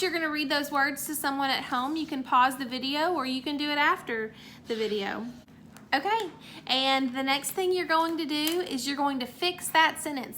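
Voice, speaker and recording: A woman teaching a recorded phonics lesson to young children, sounding out words slowly and clearly and praising each answer. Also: sits high, sharp tone, a little hiss or hum.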